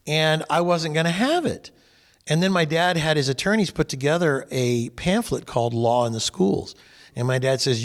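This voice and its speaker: A Californian man with a fairly high voice leads a faith discussion group in a large hall. He shares a personal story with animation, acting out the people he quotes.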